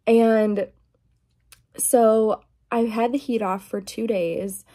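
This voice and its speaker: A woman's voice: on the high side, fairly even intonation, takes it slowly. A woman ASMR vlogger rambling casually and exasperated in her garage, drifting between talking and whispering. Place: garage at home. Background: quiet, dim garage.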